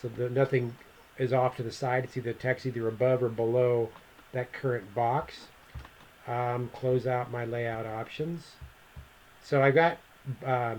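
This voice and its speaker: A male teacher talks his class through a software task in a screen-recorded lesson. His voice sits at an ordinary middle pitch, and he chats and thinks aloud as he hunts for menu options. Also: low-quality recording. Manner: chatty, thinks aloud while clicking through steps.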